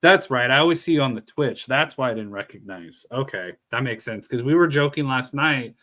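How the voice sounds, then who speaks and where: A man's voice: mid-range voice, lively intonation, brisk, pushed and bright. A man with a lisp streaming and chatting casually, rambling, laughing and swearing. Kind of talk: casual chat.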